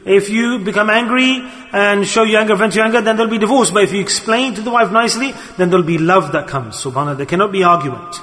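A man giving a sermon on a hadith, quick and emphatic, firing rhetorical questions at the audience. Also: high voice, pushed and bright. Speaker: preacher. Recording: long hall reverb.

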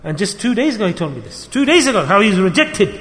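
A man's voice: high-pitched, very animated, quick pace, a bit bright. A man preaching a sermon, emphatic and exhorting, telling stories to his listeners. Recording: echoey hall.

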